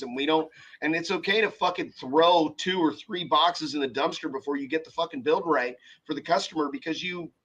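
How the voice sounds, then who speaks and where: A man hosting a casual podcast chat, telling stories in a profane, rambling way. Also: a little high. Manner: profane, rambling, animated storytelling. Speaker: podcast host, car audio shop owner.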